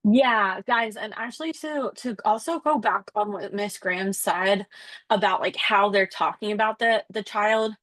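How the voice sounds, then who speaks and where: A young woman leads a casual class discussion, chatty and quick to laugh. Her voice sits in a middle range. The sound is dry and close, with no room around it. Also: mid-range voice, fairly bright tone, dry recording. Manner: chatty, laughs often, addresses the group as guys. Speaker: student leading a book discussion.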